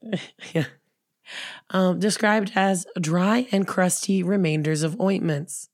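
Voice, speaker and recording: A woman co-hosting a podcast in casual chat, her voice hoarse from a cold, rambling with fillers and restarts. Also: fairly low pitch, fairly even intonation, slow pace, dry recording, studio quality. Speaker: podcast co-host.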